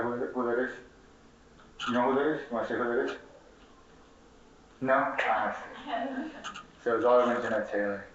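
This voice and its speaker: A young man gives a fiery, profane activist speech to a conference audience, repeating himself and throwing questions at the crowd. His voice sits at an ordinary pitch and comes from a distance in an echoey hall. The recording sounds dull and slightly muffled. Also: a little hiss or hum. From Mexican heritage, Chicago. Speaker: community organizer speaking at a conference.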